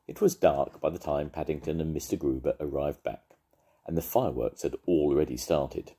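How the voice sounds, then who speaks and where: An older man, a grandfather, reading a children's story aloud in a lively, expressive way. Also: rumbling low, normal speed, slightly rough.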